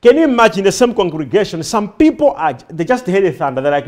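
A man's voice: sits high, very animated, quick pace, darkish tone. A man preaching a sermon to a congregation, repeating his phrases and firing questions back at the crowd. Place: church before a congregation.

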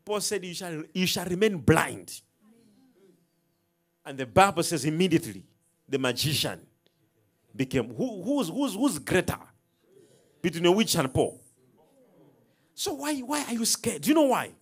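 A man preaching a sermon in an emphatic, preacherly style, calling out questions to the congregation and swinging between loud and soft. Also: high-pitched, very animated, moderate pace, pauses often, slightly rough. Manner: emphatic, preacherly call-and-response, dramatic swings in loudness.

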